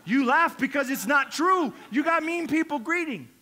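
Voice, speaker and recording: Bright, high-voiced man preaching. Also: expressive, moderate pace. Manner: conversational, humorous preaching with acted-out quotes. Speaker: pastor. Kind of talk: sermon.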